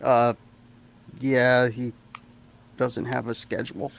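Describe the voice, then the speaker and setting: A man's voice: medium pitch, level tone, slow pace, creaky, fairly bright tone. A man bantering on a stream, mocking and laughing at his own jokes. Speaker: stream guest.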